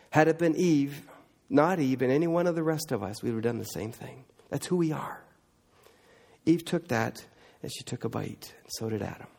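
A man preaches a sermon through stories, swinging widely between loud, emphatic lines and quiet, low asides.

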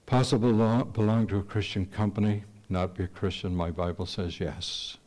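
A man preaching a sermon, telling stories in an earnest, slow and emphatic way. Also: on the low side, steady tone, darkish tone.

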